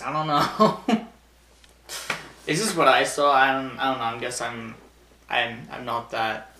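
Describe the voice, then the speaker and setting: A man's voice: mid-range voice, pushed and bright. A young man casually recapping a wrestling show, rambling, laughing often and acting out the wrestlers' lines. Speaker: wrestling vlogger. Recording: echoey room.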